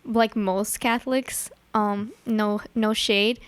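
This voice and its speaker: Speaking slowly with fairly even intonation, this medium-pitched woman has a clean tone captured in a dry recording. She's a young Chicago-area podcast guest casually swapping stories, chatty and peppered with likes and ums, and she performs her dad's lines.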